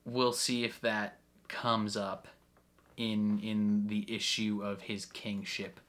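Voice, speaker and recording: A man's voice: fairly low pitch, level tone, slow pace, a bit bright. A man giving casual, chatty reaction commentary on an episode, laughing often between thoughts. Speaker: reaction video creator.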